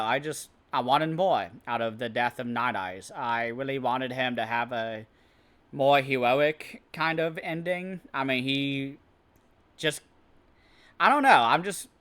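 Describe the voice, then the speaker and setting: Man, casual book review, bright clear tone, hesitant and rambling, mid pitch. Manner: hesitant, rambling, many restarts and "I don't know".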